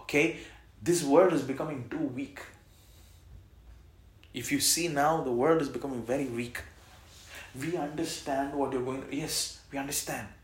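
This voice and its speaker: A man preaching a sermon as pastor, calling out lines for the congregation to repeat and swinging between loud exhortation and soft reassurance. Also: medium pitch, fairly even intonation, moderate pace, pauses often. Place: church hall. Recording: echoey church hall.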